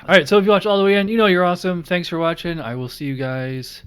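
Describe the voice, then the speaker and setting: A man's voice: high-pitched, fairly even intonation, fast, a bit bright, clean tone. A man hosting a casual beer review, thinking aloud in an easygoing, rambling way with many fillers.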